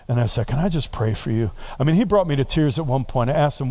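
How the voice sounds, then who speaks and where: A man preaching, a pastor telling a story in a relaxed, conversational way and building to earnest prayer. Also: medium pitch, fast talker, hardly any pauses. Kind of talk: sermon.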